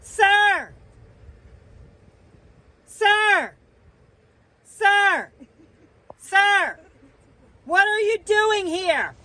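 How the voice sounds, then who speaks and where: A man putting on a nosy, brash prankster voice, shouting and taunting a stranger in a parking lot. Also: extremely high pitch, animated, drawn-out words, pauses often, no echo, pitched above the performer's own voice, exaggerated voice. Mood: pestering.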